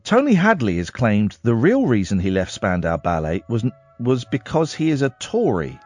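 A man's voice: mid-range voice, wildly swooping pitch, moderate pace, darkish tone, faint music behind. A man hosting a radio show, chatting in a sarcastic, self-mocking, jokey way from the studio. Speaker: radio host. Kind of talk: late-night radio chat.

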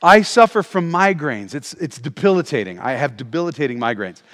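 A man preaching a sermon as pastor, animated and calling for responses from the congregation. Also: a little high, brisk, in a large hall. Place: church auditorium.

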